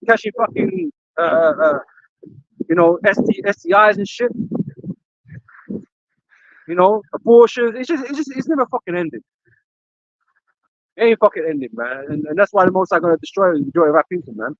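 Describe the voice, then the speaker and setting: Angry, profane high-voiced man. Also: very animated, fairly quick, pauses often, no room sound, highs cut off. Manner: angry, profane, repeats "man" and "you know". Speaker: camp speaker. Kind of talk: heated casual religious talk.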